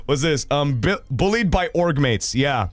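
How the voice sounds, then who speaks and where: A young adult man hosting a casual livestream, reading viewer stories and reacting in an animated, rambling way with lots of fillers and swearing. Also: a little high, slow, dry recording.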